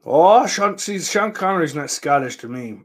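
A man's voice: a little high, animated, normal speed. Profane rambling male podcast host. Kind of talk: casual rambling monologue.

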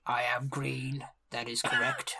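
A man voicing a proud male orc who wants to be chieftain, speaking slowly in a low, half-whispered, stern voice. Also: flat delivery, creaky, sharp tone, breathy edge, full character voice.

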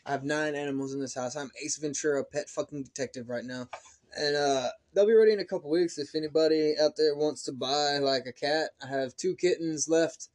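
A man's voice: a little high, fairly quick, a little mellow. A man rambling in a hesitant, profane way on a casual podcast, with lots of filler words. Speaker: podcast co-host.

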